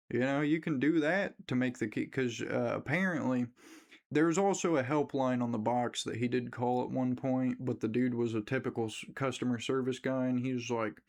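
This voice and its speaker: A man's voice: mid-range voice, normal speed. A young man giving a rambling, profane casual rant recapping a horror movie, briefly mimicking characters as he goes. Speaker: movie reviewer.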